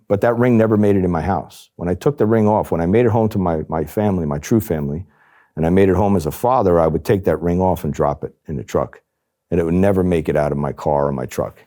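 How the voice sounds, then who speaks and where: Middle-aged man, deep mellow voice, animated interview storyteller who acts out quotes. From New Jersey. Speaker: former undercover agent.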